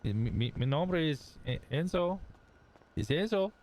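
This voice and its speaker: A man's voice: fairly high pitch, expressive, a little slow, a little mellow, voice pushed up. A man putting on a pushy fake Spanish-tinged accent for a man on the run, exaggerated and insistent. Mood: friendly. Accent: put-on Spanish-tinged accent.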